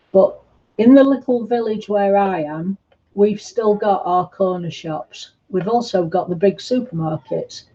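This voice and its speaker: A woman chatting gently on a livestream, answering viewers' comments in a reassuring way. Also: mid-range voice, muffled recording. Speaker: livestream host. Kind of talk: casual livestream chat reading comments.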